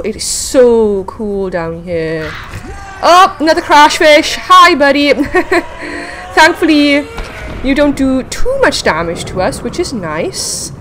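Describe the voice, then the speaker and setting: A bubbly woman narrates her game playthrough with a high, lively voice that swoops up and down. She takes her time with the words, chatting to viewers and coaxing the sea creatures along. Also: slight background noise. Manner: excitable, chatty, talks to viewers and creatures, frequent laughs. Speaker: gaming video host. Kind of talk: casual let's-play commentary.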